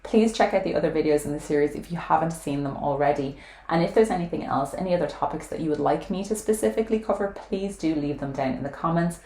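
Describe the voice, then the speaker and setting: A woman's voice: low voice, fast talker, warm tone. A woman vlogging to camera, talking frankly and earnestly about self-compassion and weight loss, now and then swearing casually. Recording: echoey room.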